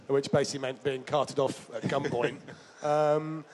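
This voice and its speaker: A man's voice: medium pitch, steady tone, unhurried, a little mellow. A man being interviewed about his overland travels, telling rambling, self-deprecating stories full of fillers and restarts. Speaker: traveller and author, interview guest. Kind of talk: casual storytelling interview.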